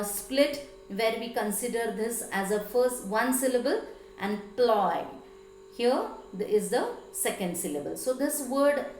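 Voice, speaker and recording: A woman teacher with an Indian English accent, slowly explaining a lesson, spelling out letters and pausing with fillers. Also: fairly high pitch, darkish tone, reverberant, rough recording. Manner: slow, careful, spelling out letters with frequent fillers.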